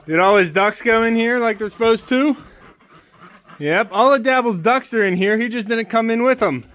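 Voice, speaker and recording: Bright-voiced homesteader man coaxing his birds. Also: extremely high pitch, normal speed. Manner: coaxing, sing-song talk to his birds and dog, then plain how-to explaining. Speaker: homesteader and channel host. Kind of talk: casual homestead vlog with talk to animals and explanations.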